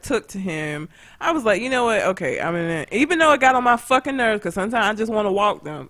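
Lively, animated woman telling a story. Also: mid-range voice. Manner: animated, profane, laughs often. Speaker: podcast co-host. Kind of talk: casual chat, storytelling.

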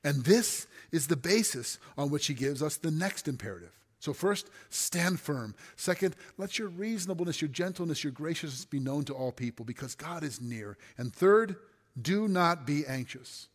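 Earnest pastor preaching in a hall. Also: male voice, a little high, expressive, normal speed. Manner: earnest, drops to a soft hush on key phrases. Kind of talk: sermon. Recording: long hall reverb.

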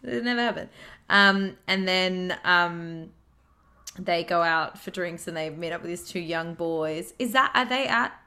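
Bright-voiced young Australian woman. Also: on the low side, measured pace. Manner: rambling, recaps the plot with lots of fillers. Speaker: podcast co-host. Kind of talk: casual chat.

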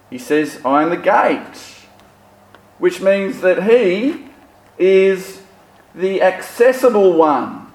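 Slow, echoey male preacher. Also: a little high. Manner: rhetorical questions, lively emphasis. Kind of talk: sermon. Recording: echoey room.

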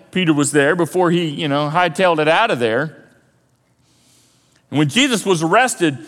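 A man preaching a sermon as pastor, animated and acting out scenes in quoted voices. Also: high voice. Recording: long hall reverb.

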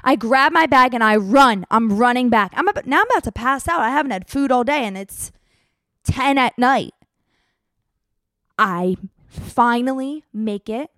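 An animated young woman with a higher voice tells a story in a breezy, exaggerated rush. The sound is close and dry, with no room around her. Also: moderate pace, dry recording. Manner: animated, breathless, exaggerated, swears casually. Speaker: vlogger telling a travel story. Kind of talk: casual storytelling.

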